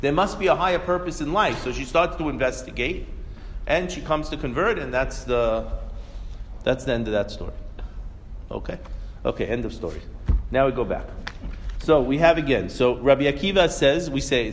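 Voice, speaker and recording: A man's voice: mid-range voice, moderate pace, a little hiss or hum. A man teaching a religious class, telling stories animatedly and asking rhetorical questions. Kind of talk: Torah class lecture. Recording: echoey hall reverb.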